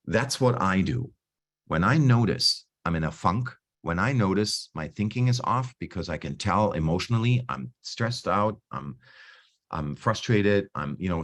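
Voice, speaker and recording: A man coaching a group on stress in a relaxed, conversational way over a video call, often restarting his sentences and acting out his own inner dialogue. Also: sits low, moderate pace. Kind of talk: online talk on stress.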